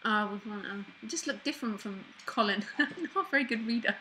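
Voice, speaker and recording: A woman with a bright, clear voice talks through spiritual ideas with a caller. She is playful and direct, laughing easily as she speaks. A faint background noise sits under the call. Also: on the high side, fairly quick, low-quality recording. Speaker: spiritual teacher hosting a call-in talk. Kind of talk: casual spiritual dialogue.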